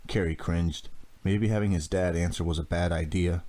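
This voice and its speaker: A man reading a teen thriller aloud as an audiobook narrator. His voice sits very low, and the reading is measured and steady. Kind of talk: scripted narration.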